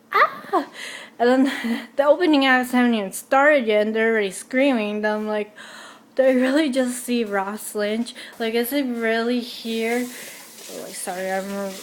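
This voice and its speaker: A teenage girl excitedly telling a personal story, full of "like" and "I'm like". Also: on the high side. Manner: bubbly, lots of 'like' and 'I'm like'. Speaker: vlogger.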